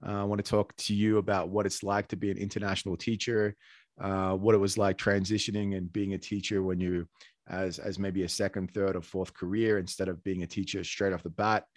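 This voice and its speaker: A man's voice: low-pitched, little pitch movement, fairly quick, dry recording, clean studio sound. A man with an Australian accent hosting a casual podcast conversation, chatty and full of restarts. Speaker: podcast host. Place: Colombia.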